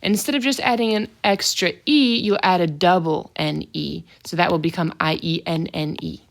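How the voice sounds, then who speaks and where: A woman's voice: fairly low pitch, moderate pace, gravelly. A woman teaching a French vocabulary lesson, saying each word twice, then explaining it in brief asides.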